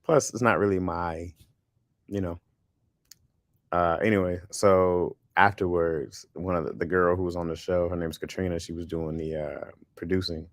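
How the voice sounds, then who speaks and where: A man's voice: deep voice, normal speed, dry recording. A man hosting a casual livestream chat, telling stories bluntly and laughing often. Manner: blunt, laughing, animated storytelling. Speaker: livestream host. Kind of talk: casual chat, reading viewer comments.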